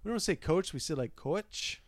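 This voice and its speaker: A talkative man in his thirties with a Minnesota accent, co-hosting a casual podcast and explaining things with plenty of examples. His voice sits slightly higher than most men's. The sound is dry and close, with no room around it. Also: moderate pace, no room sound. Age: 30s. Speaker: podcast co-host. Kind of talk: casual chat.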